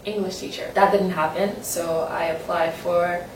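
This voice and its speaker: A woman's voice: fairly low pitch, steady tone, unhurried, distant mic, a little hiss or hum. Young woman vlogging in a roomy space. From Saint-Martin. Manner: candid, rambling, self-conscious. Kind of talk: personal vlog chat. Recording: roomy echo, voice from the mic, faint ambience.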